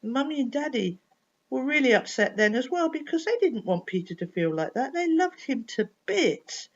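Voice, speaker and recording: A woman reads a children's bedtime story expressively, asking her listener questions along the way. Her voice is high-pitched and very animated at a moderate pace. The recording is dull and lo-fi.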